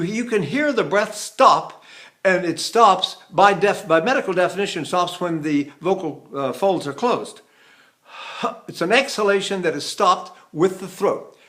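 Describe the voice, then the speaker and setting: A man's voice: sits high, a bit bright. An older man, a tenor and voice teacher, explaining singing technique in a digressive, explanatory way. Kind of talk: vocal technique lesson with sung demonstrations.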